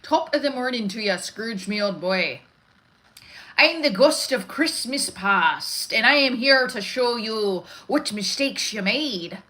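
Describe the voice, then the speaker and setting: Woman playing a chirpy stage leprechaun ghost, broad put-on Irish lilt, pitched up. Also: animated, slow, pushed and bright, heavily acted. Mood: cheery. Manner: exaggerated stage brogue.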